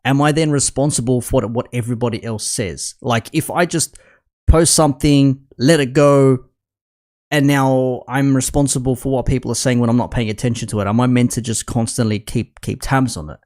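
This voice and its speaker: A man's voice: mid-range voice, steady tone, normal speed, darkish tone. A man doing casual live commentary, rambling and restarting his sentences, dropping bro and man. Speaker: commentary streamer.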